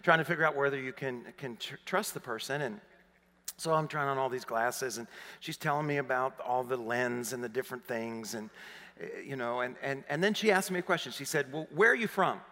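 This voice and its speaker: A man in his fifties from Arkansas with a Southern accent, preaching a sermon, rising to emphatic questions and dropping low for personal stories. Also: fairly quick, pushed and bright, in a large hall. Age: 50s. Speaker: pastor. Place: large church hall.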